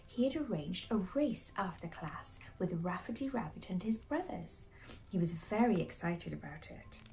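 Woman storyteller, soft hushed bedtime narration, mellow tone, slightly distant mic. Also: lowish voice, lively intonation, moderate pace.

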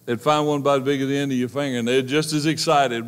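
A man preaching a sermon, telling folksy stories and swinging between loud and soft. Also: mid-range voice, steady tone, quick pace, smooth. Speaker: pastor.

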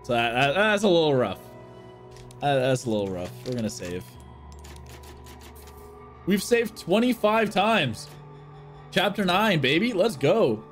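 A man's voice: a little high, unhurried, long pauses, faint music behind. A young man casually commentating his gameplay for chat, joking and swearing often. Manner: excitable, jokey, swears a lot, talks to chat. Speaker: streamer.

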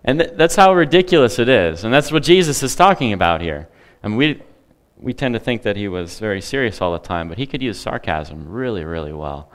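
A man's voice: fairly low pitch, expressive, fairly quick, hardly any pauses. A man preaching a sermon in a conversational way, with humor and asides to the congregation. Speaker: pastor.

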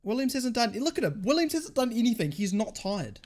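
A young man streaming a football video game, swearing constantly and switching between shouted outbursts and muttered grumbling at the match. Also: very high-pitched, big pitch swings, fairly quick. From England. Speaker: gaming streamer. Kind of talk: live gameplay commentary.

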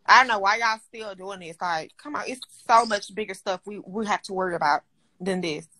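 Bright, animated woman in dry close sound. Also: medium pitch, brisk, no echo. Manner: animated, laughing, teasing. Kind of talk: casual livestream chat.

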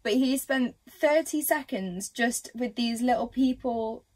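A woman's voice: a little high, a little slow, heavy background noise. A young woman giving casual, chatty reaction commentary at home, full of fillers and giggles. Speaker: reaction vlogger.

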